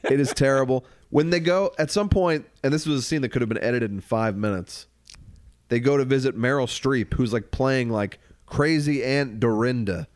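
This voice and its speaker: A man co-hosting a podcast, chatting loosely about movies with quick jokes, bursts of mock singing and frequent laughter. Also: medium pitch, no room sound, clean studio sound. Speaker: podcast co-host. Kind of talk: casual comedic movie chat.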